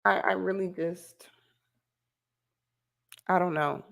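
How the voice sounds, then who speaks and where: A woman's voice: on the low side, fairly even intonation, slow pace, gravelly, a bit bright. A woman hosting a reaction commentary, exclaiming dramatically and rambling with restarts in casual slang, speaking to her viewers. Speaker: host.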